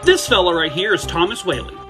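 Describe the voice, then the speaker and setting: High-voiced joking male storyteller. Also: expressive, fairly quick, over music. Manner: jokey, irreverent asides with swearing; asks the audience questions. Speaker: haunted-place storyteller. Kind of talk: casual storytelling to viewers.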